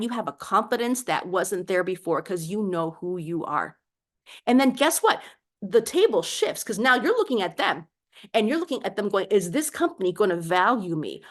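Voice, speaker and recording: A woman career coach talking to camera in an energetic, emphatic way about job interviews. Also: mid-range voice. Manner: energetic and emphatic, acts out timid voices.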